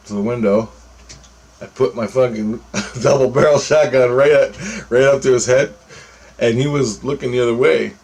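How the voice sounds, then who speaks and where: A man's voice: mid-range voice, darkish tone. A man telling a story about a dream in a rambling, profane, casual way. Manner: rambling, profane, restarts phrases.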